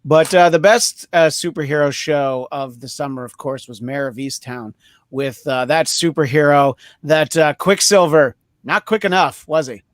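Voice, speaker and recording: A man's voice: on the high side, dry recording. Dry-sounding, rambling man hosting a podcast. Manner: rambling, joking, many filler pauses. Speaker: podcast host. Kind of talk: casual chat.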